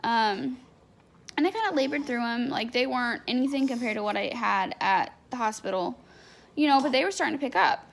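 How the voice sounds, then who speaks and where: Young woman vlogging, talks kinda high, super chatty, lots of likes and you knows. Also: expressive, a little fast, creaky. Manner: chatty and unfiltered, heavy on fillers. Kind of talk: candid storytelling.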